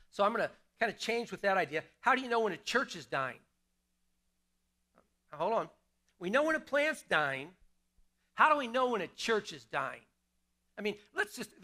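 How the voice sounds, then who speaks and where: A middle-aged male pastor preaching in a church, with a fairly high voice for a man. His tone is bright and forward. He keeps it conversational, putting questions to the congregation and repeating his key lines. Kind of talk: sermon. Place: church sanctuary.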